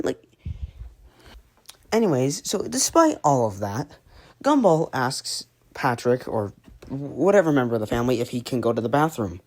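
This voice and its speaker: A woman's voice: very deep voice, big pitch swings, normal speed, long pauses, a little mellow. A woman giving a rambling, profane review, ranting angrily with many fillers. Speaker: cartoon reviewer. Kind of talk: ranting commentary.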